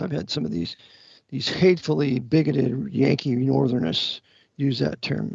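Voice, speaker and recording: A man's voice: fairly high pitch, moderate pace, vocal fry, a little mellow, breathy edge, no echo, dull audio. A man hosting a casual talk show, answering his guest with blunt, preachy remarks. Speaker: host. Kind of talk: casual radio chat.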